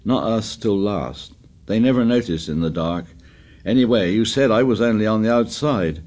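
A man voicing an anxious, stubborn schoolboy who speaks in a shrill, insistent, pleading way. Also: normal speed, a little mellow, lightly acted. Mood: anxious coaxing.

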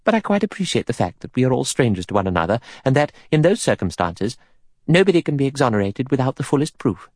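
A man's voice: mid-range voice, very animated, fast, darkish tone, no room sound, clean studio sound, voice pushed up. A man voicing a cold, prim, self-righteous elderly spinster.

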